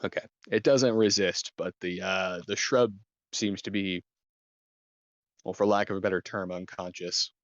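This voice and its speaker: A man narrating as game master, describing scenes with many pauses and restarts. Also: low-pitched, fairly even intonation, dry recording, lo-fi sound. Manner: halting, many ums and restarts.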